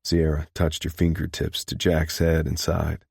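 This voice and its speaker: Deep, husky male audiobook narrator. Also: monotone, a little slow, few pauses, darkish tone, no echo, studio quality.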